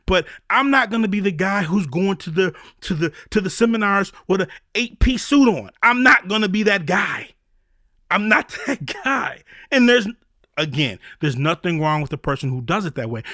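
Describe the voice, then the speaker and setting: A man's voice: high-pitched, dry recording, studio quality. A man hosting a motivational talk show, preaching with faith references and acting out the voices of doubters. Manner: preachy, animated, acts out voices of critics. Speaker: podcast host.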